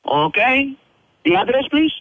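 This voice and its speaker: A man's voice: very high-pitched, animated, unhurried, creaky. A man taking delivery orders at a restaurant, growing impatient and slipping into Spanish. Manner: impatient, switches into Spanish when annoyed. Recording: tinny phone line.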